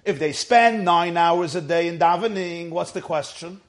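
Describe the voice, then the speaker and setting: A man's voice: sits high, normal speed, fairly bright tone. A man teaching a Torah class as a rabbi, telling a story and explaining each Hebrew and Yiddish term step by step. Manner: explains terms and texts step by step, mixing in Yiddish and Hebrew words.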